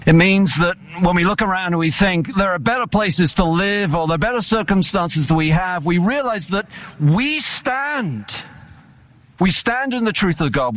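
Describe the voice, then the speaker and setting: A man preaching a sermon and leading a closing prayer, slow and emphatic with rising peaks. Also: sits high, expressive, a bit bright. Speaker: pastor.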